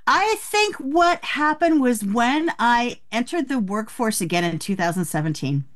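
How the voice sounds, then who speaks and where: A woman in her sixties, an author being interviewed, telling frank, animated stories about aging. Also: fairly high pitch, unhurried. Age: 60s. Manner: frank, animated storytelling with laughs. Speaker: author guest. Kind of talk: candid interview talk.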